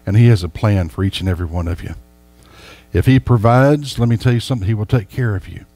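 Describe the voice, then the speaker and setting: Folksy pastor preaching. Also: male voice, on the low side, fast, dark tone, faint music behind. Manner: folksy, emphatic, addresses the congregation directly. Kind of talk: sermon.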